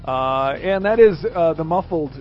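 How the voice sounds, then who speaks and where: A man's voice: a little high, animated, a little slow. Rambling male radio host, lo-fi sound. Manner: rambling, hesitant, many fillers. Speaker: radio tech show host. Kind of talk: casual radio chat. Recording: dull lo-fi radio recording with music.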